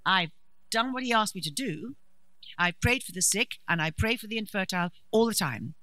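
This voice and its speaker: A middle-aged woman giving a preaching talk at a conference, a lively storyteller with dry humour. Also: mid-range voice, normal speed, low-quality recording. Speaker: conference speaker.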